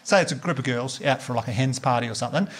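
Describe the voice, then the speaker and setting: A man's voice: mid-range voice, rapid-fire, husky. An Australian man performing a stand-up comedy set, telling wry stories and chatting with the crowd. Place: comedy club stage with a laughing audience.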